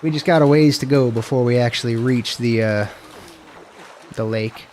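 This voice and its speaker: A man's voice: mid-range voice, normal speed, a little mellow, a little hiss or hum. Man chattering casually over a game stream. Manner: loose, profane, self-mocking chatter. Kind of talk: casual gameplay commentary.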